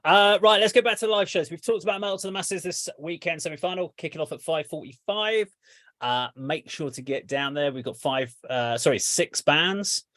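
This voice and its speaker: A British man hosting a casual rock and metal chat show, talking in a relaxed, stumbling, jokey way. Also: on the high side, normal speed, dry recording, clean studio sound. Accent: British English. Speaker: show host.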